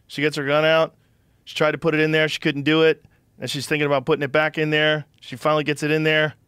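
A man hosting a podcast, talking in an animated, profane, incredulous way in casual conversation. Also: fairly high pitch, fast, clear, resonant tone, dry recording, studio quality. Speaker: podcast host.

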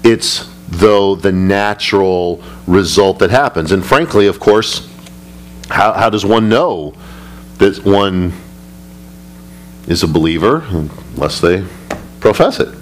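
A male pastor teaching a Bible study, speaking emphatically and climbing high when he retells scripture. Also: takes it slowly, long pauses. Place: church sanctuary.

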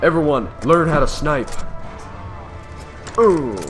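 A young man giving casual commentary while playing a video game, full of excited little exclamations. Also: on the high side, slow. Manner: excitable, with lots of surprised exclamations. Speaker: gamer. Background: game music.

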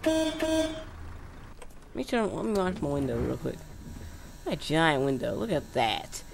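A man giving casual let's-play commentary, rambling and cursing as he talks to himself, with loud game sounds behind him. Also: fairly high pitch, very animated, moderate pace, creaky. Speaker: gameplay commentator. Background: bus engine and traffic noise from the game.

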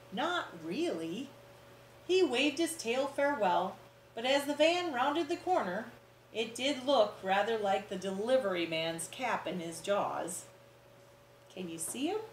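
A woman reading a picture book aloud to children, expressive, pausing to ask her listeners questions. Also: on the high side. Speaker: storyteller. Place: church room. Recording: roomy echo, faint background hum.

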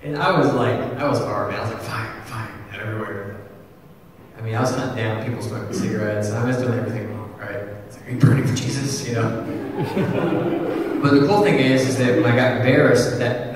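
A young adult man preaching a sermon in a casual, animated storytelling manner, full of asides. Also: mid-range voice, fast, a little hiss or hum. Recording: echoey hall, far from the mic.

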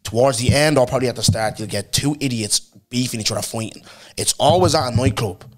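A man's voice: mid-range voice, fast. A man hosting a podcast, who chats casually with his guest and often calls him "bro". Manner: chatty, says "bro" often. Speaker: podcast host.

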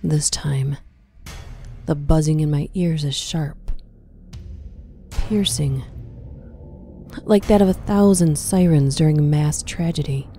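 A woman reads a horror story in a very low, dark voice. She speaks slowly and often drops into a hushed whisper, keeping the tension tight. Faint music plays beneath her. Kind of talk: scripted horror narration.

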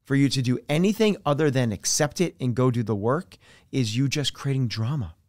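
A man of middle pitch talks as a podcast guest in an earnest, explanatory way. He leans on everyday examples and lowers his voice on key points. The recording is dry and close, with no room sound. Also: animated, fairly quick, no echo. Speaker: podcast guest, fitness coach. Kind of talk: conversational podcast interview.

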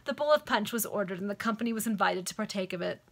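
A woman reading a Victorian novel aloud to friends over a video call, in a lively amateur way. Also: mid-range voice, fast talker, vocal fry. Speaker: reader. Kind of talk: casual read-aloud among friends.

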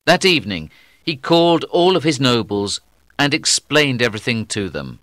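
A man narrating a graded-reader story with careful, deliberate reading. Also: medium pitch, sing-song, fairly bright tone, no room sound, clean studio sound. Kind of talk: scripted audiobook narration for learners.

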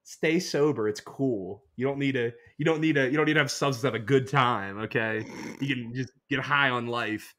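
A man's voice: medium pitch, normal speed, hardly any pauses, fairly bright tone. A young man co-hosting a podcast in casual chat. He tells stories in a loose, rambling way, full of "like" and swearing. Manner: rambling storyteller, loose and profane, lots of "like". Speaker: podcast co-host.

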